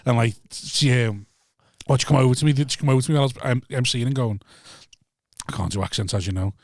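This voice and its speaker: Fast-talking man. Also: mid-range voice, creaky. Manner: sweary, rambling storyteller. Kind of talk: casual banter.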